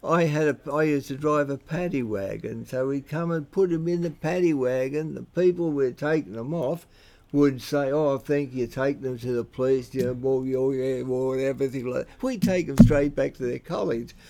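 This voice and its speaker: A man's voice: mid-range voice, normal speed, creaky, a little mellow. An older Australian man telling blunt, colloquial stories about his old security and police work in a rambling way, often restarting his sentences. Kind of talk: rambling spoken reminiscence.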